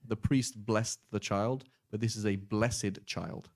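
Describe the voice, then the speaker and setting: English guy teaching arabic grammar, low voice, kinda pedantic, lots of quick examples. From England. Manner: pedantic, explains with lively examples. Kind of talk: online class teaching.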